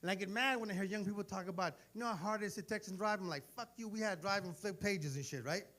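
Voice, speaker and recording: This fast-talking stand-up comedian in his forties has a high-sitting voice. At a live comedy venue, he delivers an animated, profane set, telling stories and acting out the voices of the people in them.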